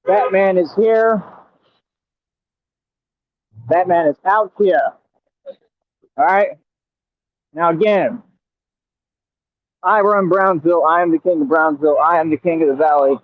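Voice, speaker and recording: Scooting along outside, this male vlogger trash-talks a rival with cocky swagger. He speaks at a measured pace with long pauses, in a voice pitched high for a man that keeps stumbling into stammered restarts. The recording sounds close, thin and phone-like, with no echo.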